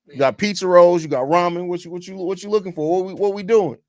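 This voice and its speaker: With a high voice and a quick pace, a man hosts a laid-back sports podcast streamed live from his home, talking loosely into a desk mic, repeating phrases, and reading chat questions out loud.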